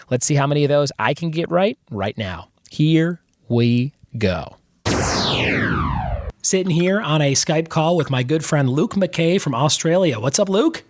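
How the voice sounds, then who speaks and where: A man hosting a podcast, his voice hoarse, chatting casually and upbeat with lots of fillers. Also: mid-range voice, slight background noise. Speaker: podcast host. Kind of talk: casual chat.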